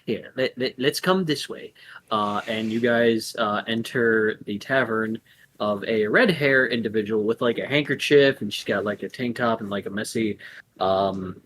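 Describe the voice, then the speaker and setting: A man's voice: lowish voice, normal speed, a bit bright, slight background noise. A man narrating as game master of a tabletop game, talking loosely with many fillers.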